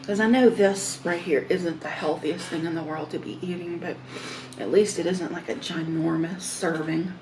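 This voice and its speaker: A woman chatting casually while eating on camera, rambling slowly with many fillers. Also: fairly low pitch, steady tone, darkish tone, a little hiss or hum. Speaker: mukbang vlogger.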